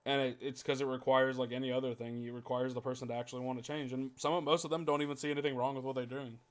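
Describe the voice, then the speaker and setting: A man's voice: mid-range voice, flat delivery, very fast, clean tone. A man hosting a casual podcast chat, talking in a heated, profane rant. He piles up "like" fillers as he goes. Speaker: podcast host.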